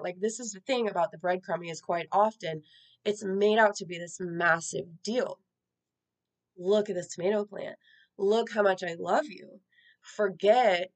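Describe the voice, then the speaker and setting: A woman creator speaking candidly and reflectively about her own experiences, in a conversational personal-storytelling style. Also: lowish voice. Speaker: social media creator.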